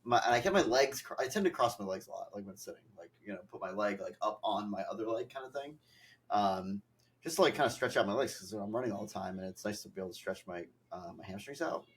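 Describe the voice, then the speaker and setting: A man's voice: on the low side, animated, fast, slight background noise. A young man who is a podcast host, chatting casually and rambling with many fillers, a bit stuffy from allergies. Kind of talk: casual chat.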